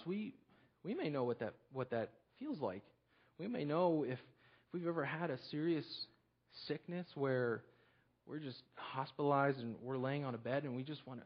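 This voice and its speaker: A husky-voiced man preaching a sermon, earnest and halting, often circling back to repeat himself. His voice sits at a middling pitch, and the recording sounds dull and lo-fi. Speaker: pastor.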